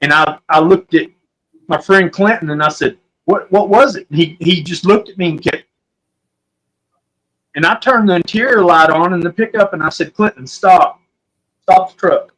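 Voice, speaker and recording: A man's voice: high-pitched, moderate pace, fairly bright tone, low-quality recording. A man with an Oklahoman accent, telling a story as a podcast guest in a rambling, folksy way. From Southwest Oklahoma. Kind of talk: casual storytelling.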